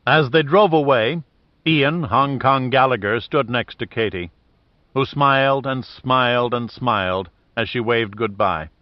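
Guy narrating a novel, steady read, dry dull audio. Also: medium pitch, a little slow, dry recording.

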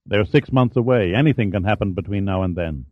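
A cool, aloof male politician, read by a man in an audiobook, speaks low and smooth with never a crack in his poise. The voice sits deep and the sound is dry and a little dull. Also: brisk, dry recording, close to an everyday voice.

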